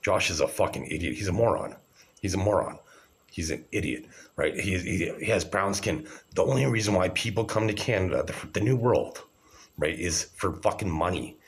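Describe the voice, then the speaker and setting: A man's voice: sits low, expressive, normal speed. A man in his forties talking to camera in an agitated, rambling, profane monologue. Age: 40s.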